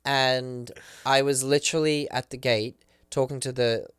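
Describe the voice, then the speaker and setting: A man, a podcast guest, telling a story with excitement, acting out the people he quotes, with many fillers. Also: medium pitch, a little slow, smooth, no room sound, studio quality. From Australia. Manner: acts out the voices of people he quotes. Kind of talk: animated storytelling.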